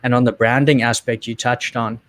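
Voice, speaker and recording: A South African man co-hosts, laying out his points in a calm, measured way. His voice sits at a middle pitch, and the recording is dry with no room echo. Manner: measured, explanatory. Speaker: co-host. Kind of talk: casual explanation.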